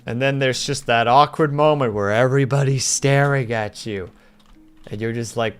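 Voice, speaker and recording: A man's voice: mid-range voice, normal speed, fairly bright tone, clean tone, soft background music. A male streamer chatting casually while drawing, telling rambling stories and teasing his viewers. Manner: rambling anecdotal storytelling; playful teasing.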